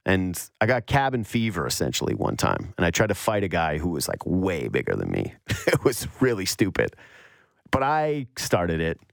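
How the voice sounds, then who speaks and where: A man from the Yukon, a sports radio host, telling a long personal story in an animated, storytelling way. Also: sits low, moderate pace, creaky, no room sound, clean studio sound. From Yukon, Canada. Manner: animated storyteller, mocks whiny voices. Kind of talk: storytelling monologue.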